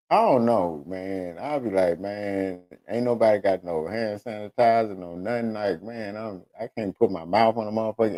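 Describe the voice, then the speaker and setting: Male streaming host, casual and profane, rambling storyteller, mellow tone. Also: medium pitch. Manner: profane, rambling storytelling, addresses viewers as y'all. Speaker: streaming talk show host. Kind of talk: casual solo talk to an audience.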